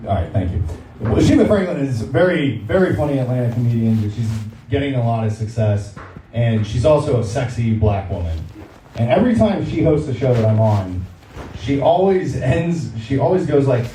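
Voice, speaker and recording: Young man, stand-up comedian, crude rambling jokes, mellow voice, roomy club echo, faint ambience. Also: mid-range voice, expressive, normal speed, slight background noise. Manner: crude, rambling, self-mocking. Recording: roomy club sound from a distance.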